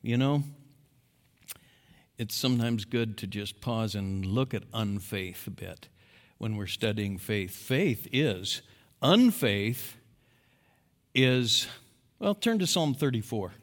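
Man, pastor, sermon, emphatic, slow-paced, long hall reverb. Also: on the low side, animated. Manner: emphatic, swings from quiet to loud preaching.

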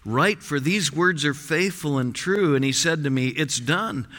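A man preaching an expository sermon, reading scripture slowly with strong emphasis. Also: a little high, a bit bright. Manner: emphatic, rising and falling for stress, slow deliberate reading. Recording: long hall reverb.

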